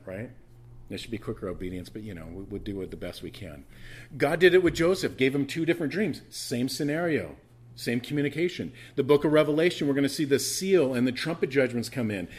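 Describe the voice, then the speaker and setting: A man preaching a sermon in a conversational teaching manner, with restarts and asides, who repeats phrases for emphasis and rises into loud, emphatic bursts. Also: a little high, very animated, fast. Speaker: pastor.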